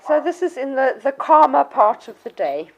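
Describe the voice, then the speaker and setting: A woman's voice: sing-song, moderate pace, vocal fry, slight background noise, poor audio. A woman talking casually in a vlog about her puppies, outdoors in a garden with dogs around. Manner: chatty, warm toward the puppies, with sudden squeaky baby-talk to dogs. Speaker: dog breeder. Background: dogs barking now and then.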